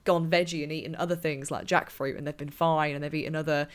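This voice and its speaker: A woman's voice: low voice, steady tone, quick pace. A woman co-hosting a podcast, chatting casually and laughing often over a call. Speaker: podcast co-host. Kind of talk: casual chat. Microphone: remote call mic.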